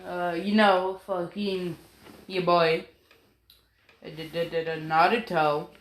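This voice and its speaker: A woman rambles through a story at an unhurried pace, in a voice that sits a little low. She keeps apologizing, loses her thread, and swears offhandedly. The sound is roomy and echoey. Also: little pitch movement. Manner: distracted, apologetic, swears casually. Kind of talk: rambling casual narration. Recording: roomy echo.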